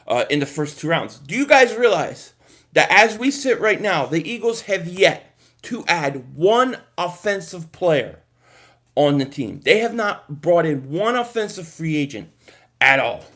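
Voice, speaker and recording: A man with a high, bright voice runs a casual sports livestream. He talks straight to his viewers, animated and freely swearing as he reads the chat. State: groggy from a nap. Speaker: livestream host reading chat.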